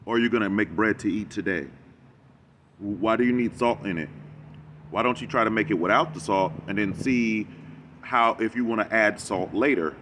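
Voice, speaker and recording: A man giving a rambling, animated reaction commentary, talking back at a video he is watching. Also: lowish voice, moderate pace, noisy background. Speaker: reaction vlogger.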